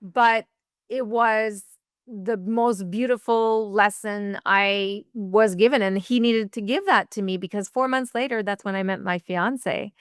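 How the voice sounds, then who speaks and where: A woman's voice: medium pitch, fairly even intonation, a little slow, clean tone, dry recording, studio quality. A woman relationship coach telling a personal story in a podcast interview, acting out quoted dialogue and laughing often.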